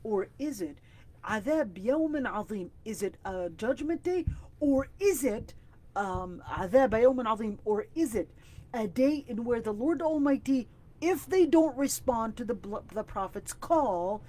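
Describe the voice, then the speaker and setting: A woman teaching an online Quran exegesis class. She explains each word carefully and recites the Arabic passages quickly and with emphasis. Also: on the high side, animated, dark tone. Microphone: video call.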